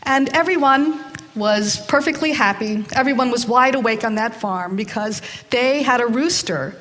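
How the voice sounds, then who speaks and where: A woman's voice: fairly high pitch, moderate pace, a bit bright. A woman telling a story live to children in a hall, hesitant, with many fillers, drawing in the audience.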